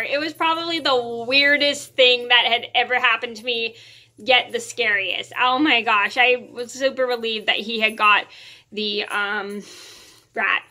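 Bright-voiced woman rambling a vlog story. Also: a little high. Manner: chatty, rambling with many ums and restarts. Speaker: vlogger. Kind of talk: casual storytelling to camera.

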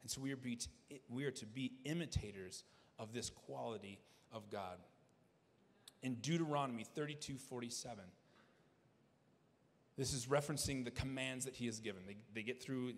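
A man's voice: medium pitch, normal speed. Preaching man in an echoing church. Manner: earnest preaching with repeated restarts. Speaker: pastor. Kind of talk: sermon. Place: church sanctuary. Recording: long church hall reverb.

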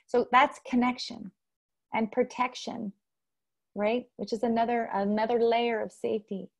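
A middle-aged woman relationship coach giving an earnest, animated motivational talk, acting out what other people say. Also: on the high side, unhurried, gravelly. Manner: earnest and animated, acts out quoted voices.

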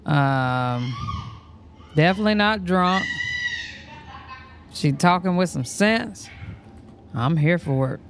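A woman's voice: fairly low pitch, expressive, slow pace, pauses often, slight background noise. A woman hosting a reaction stream, giving candid, slangy, outspoken commentary in a casual way. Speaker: reaction channel host.

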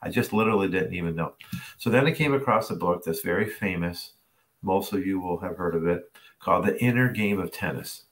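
Speaking briskly in a low voice, a middle-aged man who coaches tennis narrates a story for a class on a video call. He brings it to life by performing the voices of those he quotes, giving an animated masterclass-style telling.

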